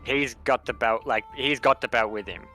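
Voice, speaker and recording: Bright-voiced dungeon master. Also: male voice, mid-range voice, soft background music. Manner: rambling, many restarts, puts on quick voices for townsfolk. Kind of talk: narrating a tabletop game.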